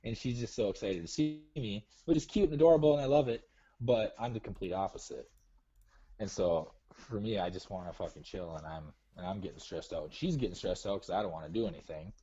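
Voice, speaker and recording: A man with a low, mellow voice calls in and chats casually. He grumbles about himself in a self-deprecating way. His voice comes through a dull, lo-fi line. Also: a little fast. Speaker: caller. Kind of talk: casual chat.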